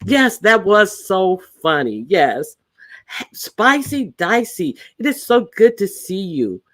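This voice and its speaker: A man's voice: high-pitched, very animated, slow pace, pushed and bright. A man hosting a live stream, chatting casually with viewers in a rambling way, full of fillers and restarts. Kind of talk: casual chat.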